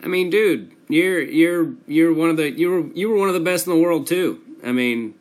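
A man hosting a casual interview, talking in a relaxed, admiring way and swearing freely. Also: a little high, moderate pace. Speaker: podcast host. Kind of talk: casual chat.

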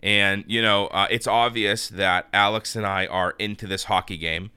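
A man's voice: on the low side, steady tone, moderate pace, bright, forceful tone, smooth, dry recording. A male podcast host chatting casually, telling a long anecdote with restarts and quoted exchanges. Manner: rambling storyteller with many restarts and quoted dialogue. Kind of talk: casual chat.

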